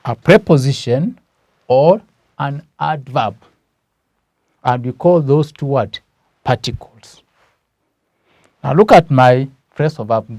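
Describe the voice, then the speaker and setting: Kenyan English male teacher, slow and deliberate, dry close sound. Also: mid-range voice, a little mellow, no room sound. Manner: slow, emphatic, asks questions then answers them. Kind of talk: classroom grammar lesson.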